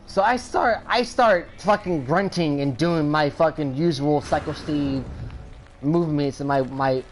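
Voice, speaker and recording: A man with a high-pitched voice spins a rambling, profane story while gaming, full of slang and repetition. He keeps circling back and building the heat, over a faint hiss. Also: measured pace, poor audio. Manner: repeats himself and builds up heat. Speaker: gaming streamer. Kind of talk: casual storytelling while playing.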